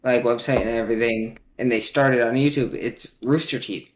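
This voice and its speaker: A man's voice: medium pitch, steady tone, normal speed. Brief: male podcast co-host, chatty explainer, filler-heavy. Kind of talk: casual podcast chat.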